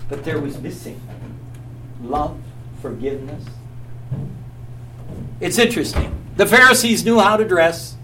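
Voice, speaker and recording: A man's voice: fairly high pitch, big pitch swings, unhurried, long pauses, bright, forceful tone. A man teaching a Bible class, telling a story with animation and quizzing his listeners. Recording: echoey, from a distance, faint hum.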